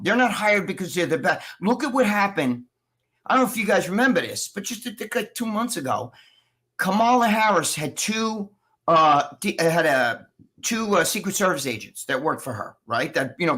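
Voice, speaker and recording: A man chatting casually on a livestream, telling animated, profanity-laced stories as co-host over a video call. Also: fairly high pitch. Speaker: show co-host.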